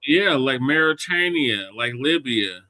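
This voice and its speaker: A man co-hosts a live-stream debate, blunt and mocking as he argues back. His tone is sharp and forceful, with a dry, close sound. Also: mid-range voice, animated, a little slow, no echo. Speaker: co-host.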